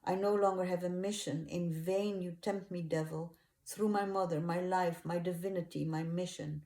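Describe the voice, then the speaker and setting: A woman's voice: fairly low pitch, steady tone, moderate pace, warm tone, reverberant, natural voice. A woman voicing an anguished grown man who pleads and prays in agony, raising her voice above her own. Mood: resolute. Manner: pleading, sobbing-edged outbursts.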